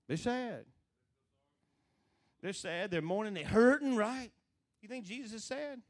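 A man's voice: high-pitched, lively intonation, a little slow. Male preacher, conversational. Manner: conversational, questions the congregation, acts out quoted voices. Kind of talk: sermon.

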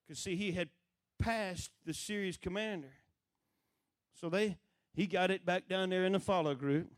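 A middle-aged man preaching, telling a story with lively acted-out voices. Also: high-pitched, moderate pace, no echo. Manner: animated storyteller who acts out quoted voices. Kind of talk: sermon storytelling.

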